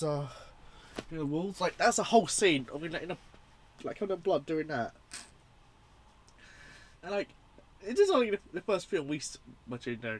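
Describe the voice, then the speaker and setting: A young man reviewing a horror film in a casual, rambling, profane and excitable way. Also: on the high side.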